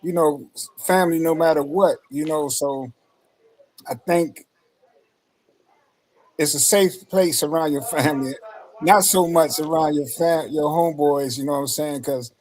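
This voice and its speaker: A man with a somewhat high voice speaks in a relaxed, slangy way. He keeps checking in with his listeners as he talks in a casual panel chat. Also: a little slow, pauses often, rough recording. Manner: laid-back, slangy, repeats "you know what I'm saying". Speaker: panel guest. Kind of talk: casual discussion.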